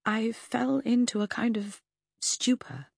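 A woman reading an audiobook, voicing a shaken young Victorian woman who answers in halting, half-whispered replies. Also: medium pitch, gravelly, breathy edge, no echo, studio quality. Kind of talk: audiobook character voice.

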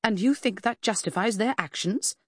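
Woman voicing a sharp-tongued loyal young woman. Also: mid-range voice, husky, dry recording, studio quality. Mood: indignant. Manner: brisk, indignant. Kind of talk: audiobook character voice.

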